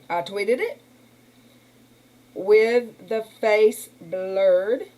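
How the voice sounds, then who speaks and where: Speaking very slowly in a slightly mellow, mid-range voice, a woman hosts a laid-back livestream. She rambles indignantly and calls her viewers "y'all." The audio is poor, picked up by a computer mic on the stream.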